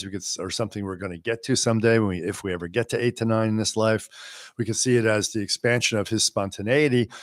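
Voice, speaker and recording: A man teaching a live question-and-answer class, talking in a relaxed, wry way and sometimes slowing to a quiet, measured voice. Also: on the low side, no room sound, studio quality. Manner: unhurried, wry, sometimes drops to a quiet slow voice.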